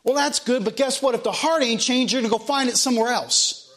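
A man's voice: extremely high pitch, brisk, fairly bright tone. A man preaching a sermon as pastor of a church, in plain country speech, asking the room question after question.

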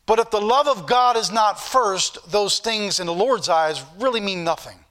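A man's voice: high voice, moderate pace, bright, forceful tone. A man preaching a Sunday school sermon, earnest and rising to fervent questions, with old-fashioned scripture phrasing.

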